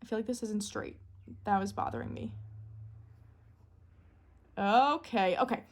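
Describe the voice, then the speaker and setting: A woman in casual, excitable chat, gushing and giggling as she shows off a new deck. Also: medium pitch, unhurried. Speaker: tarot deck reviewer.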